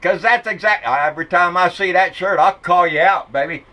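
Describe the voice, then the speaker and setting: A man's voice: sits high, moderate pace, bright, forceful tone, rough recording. A middle-aged man, ranting about politics in a blunt, profane, mocking way. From Texas. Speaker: political vlogger.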